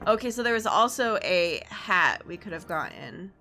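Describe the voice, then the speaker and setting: A woman's voice: lowish voice, expressive, normal speed, hardly any pauses, pushed and bright, soft background music. A woman streamer with a sore throat, making casual, chatty asides while playing a game. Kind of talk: casual gaming commentary.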